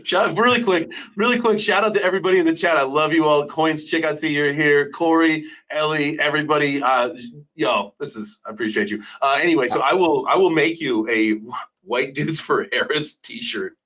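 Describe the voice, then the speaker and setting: A man's voice: fairly high pitch, normal speed, sharp tone, low-quality recording. A man hosting a casual debate stream, joking and teasing his guest. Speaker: host.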